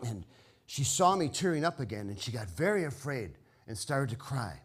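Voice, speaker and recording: An older man telling a comic, personal story live on stage, wry and halting, with frequent restarts. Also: medium pitch, sing-song, breathy edge.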